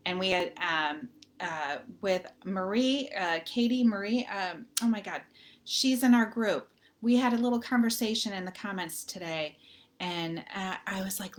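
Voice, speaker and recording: A woman's voice: on the low side, a little slow. Chatty woman hosting a live video. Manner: chatty, addresses viewers as "you guys"; rambling, full of fillers and restarts. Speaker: motivational author and group host. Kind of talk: casual live video talk.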